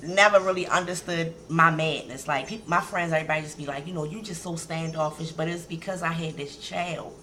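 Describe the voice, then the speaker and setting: A woman's voice: deep voice, fairly even intonation, fairly quick, few pauses, sharp tone. A woman with a Baltimore accent, co-hosting a casual radio talk show and repeating key phrases for emphasis.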